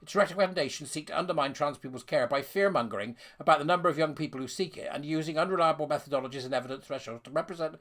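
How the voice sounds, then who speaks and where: A man's voice: a little high, very fast, few pauses, a bit bright. A man giving scornful, sarcastic ranting commentary while reading out a letter.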